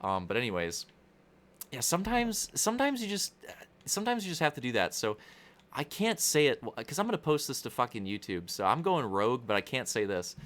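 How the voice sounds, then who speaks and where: A man's voice: mid-range voice, sing-song, a little fast, a bit bright. A young man rambling through casual livestream race commentary, profane and constantly interrupting himself.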